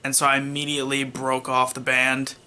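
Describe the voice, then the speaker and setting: A young man recounts his own story to the camera in a loose, rambling way, stumbling through fillers and restarts. His voice is very bright and sharp, and he drops in dry, self-mocking asides as he goes. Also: mid-range voice, monotone, a little fast, clear, resonant tone. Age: young adult. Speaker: vlogger. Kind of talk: casual personal storytelling.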